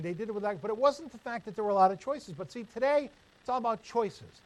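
High-voiced man preaching a sermon. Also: a little hiss or hum, low-quality recording. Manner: storytelling, animated, asks the room rhetorical questions. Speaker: pastor.

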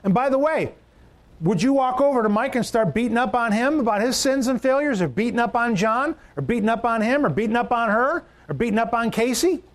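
A male pastor with a notably high voice delivers a sermon. He talks emphatically and repeats his key lines, letting his pitch rise and drop to drive each point home. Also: animated, a little fast.

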